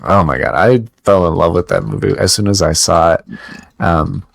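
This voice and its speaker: A man's voice: low voice, fairly even intonation, normal speed, creaky, no echo. A man co-hosting a podcast, chatting in a loose, rambling, joking way. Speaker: podcast co-host. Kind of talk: casual podcast chat.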